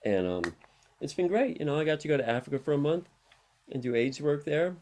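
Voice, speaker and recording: His voice is on the higher side, mellow, with lively intonation and a slightly quick delivery. The middle-aged man, a harm reduction worker, is a guest on an interview program, loosely telling long, drifting stories about himself and laughing often in between.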